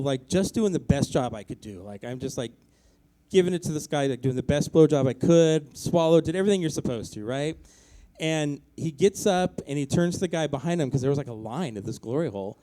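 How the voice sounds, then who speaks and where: A middle-aged man performing stand-up at a small live show, talking in a loose, rambling storyteller's way. His voice sits a little high for a man but sounds warm and mellow. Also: rough recording. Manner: conversational storytelling with many likes and ums. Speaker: stand-up comedian. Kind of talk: stand-up comedy set. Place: small live comedy venue.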